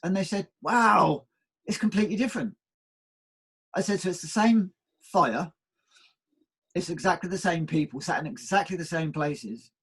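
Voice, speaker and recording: A man in reflective conversation, telling stories at an easy pace and circling back over his words. His voice is a touch high and husky. The talk is casual spiritual chat. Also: normal speed. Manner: reflective, storytelling, repeats words. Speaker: co-host.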